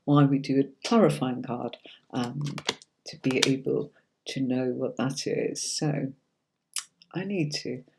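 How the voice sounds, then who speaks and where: A woman's voice: rumbling low, slow pace, a little mellow. A middle-aged woman giving casual tarot readings on a livestream. She chats to viewers, reads out their comments and answers them by name, often calling them darling or sweetie. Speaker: tarot reader hosting a livestream.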